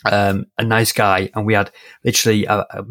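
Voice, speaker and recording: Lively low-voiced man telling a story. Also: a little fast, no room sound. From England. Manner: animated, laughing, jumps between thoughts. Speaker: podcast co-host. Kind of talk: casual podcast chat, storytelling.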